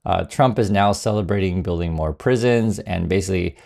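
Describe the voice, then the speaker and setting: A man's voice: sits low, a little fast, vocal fry, a little mellow. A man hosting casual political commentary, sarcastic, with many fillers and restarts.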